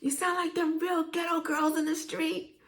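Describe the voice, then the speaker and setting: A woman's voice: extremely high pitch, level tone, normal speed, a bit bright, voice pushed up. A woman voicing her stern older grandmother with a Panamanian accent, scolding and prim.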